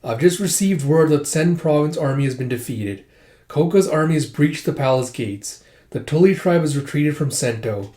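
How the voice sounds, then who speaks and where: A man's voice: on the high side, animated, normal speed, dark tone, roomy sound, natural voice. A man voicing a scheming male priest villain from a comic, mocking and threatening. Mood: menacing.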